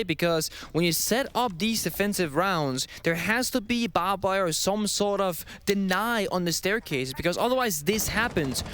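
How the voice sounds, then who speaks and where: A man giving quick, analytical color commentary on an esports match. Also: high voice, background noise. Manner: quick, analytical, laughs easily.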